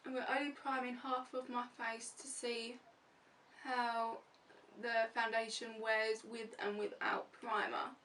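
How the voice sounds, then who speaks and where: A woman's voice: fairly high pitch, flat delivery, unhurried, pushed and bright. A woman beauty vlogger chatting casually through a makeup tutorial, narrating each step as she goes. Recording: distant mic with faint room noise.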